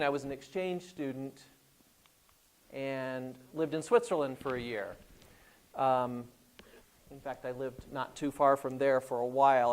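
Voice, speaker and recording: Midwestern guy guest speaking to a class, laid back, kinda rambly, ordinary middle voice. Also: medium pitch. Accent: Midwestern American. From American Midwest. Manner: relaxed and rambling, many fillers. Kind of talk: informal classroom talk.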